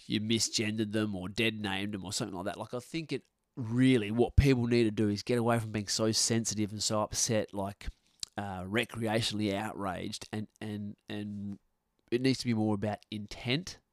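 A man's voice: fairly low pitch, steady tone, normal speed, no echo, clean studio sound. A middle-aged man, hosting a podcast in a blunt, sweary, rambling way full of restarts. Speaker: podcast host. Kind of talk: casual podcast rant. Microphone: podcast microphone.

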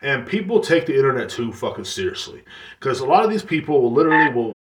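A man's voice: mid-range voice, big pitch swings, quick pace, a little hiss or hum. A man hosting a solo podcast, ranting casually and profanely in a heated, rambling way. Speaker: podcast host. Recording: echoey room.

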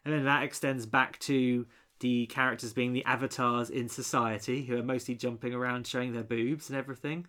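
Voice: medium pitch, steady tone, a little fast, fairly bright tone. A co-host reviewing a film in casual chat, rambling with many restarts and fillers.

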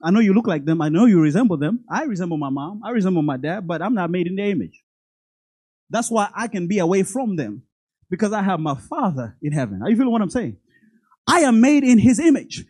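Animated preacher mid-sermon, repeats words, calls out to the congregation. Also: mid-range voice, fairly quick, slightly rough, no room sound. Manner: animated, stammers and repeats words, laughs between lines; speaks directly to the congregation, acting out God's voice.

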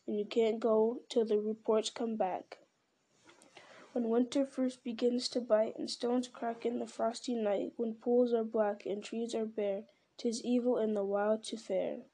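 A woman's voice: a little high, dark tone. A woman voicing a chatty, fond elderly male hobbit.

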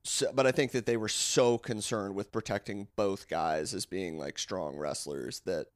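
A man co-hosting a podcast in casual chat, rambling excitedly and restarting his thoughts. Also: fairly low pitch, normal speed, dry recording, clean studio sound.

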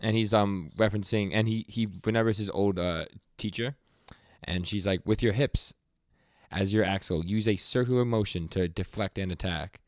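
On the low side, the voice of this young male podcast co-host comes through with clean studio sound and no echo. In a casual manga recap chat, he retells comic scenes through fast quoted lines, stumbling over words with many stammers.

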